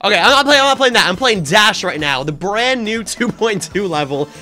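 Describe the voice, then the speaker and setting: A man giving excitable, slangy commentary on a gaming challenge, often yelping and laughing. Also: sits high, brisk, faint music behind. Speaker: gaming YouTuber.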